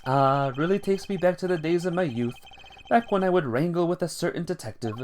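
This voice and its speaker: A man's voice: on the high side, fairly quick, a little mellow, slight background noise, pitched above the performer's own voice, lightly acted. A man voicing a sentimental old man who sniffles and sobs between lines. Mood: jovial. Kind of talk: reading game dialogue aloud.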